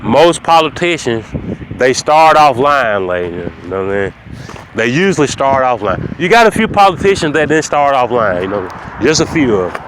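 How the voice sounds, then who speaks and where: A man in a casual, rambling monologue, who keeps addressing "ladies and gentlemen" and drops low and quiet on his asides. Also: big pitch swings, moderate pace, poor audio. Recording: loud outdoor traffic noise.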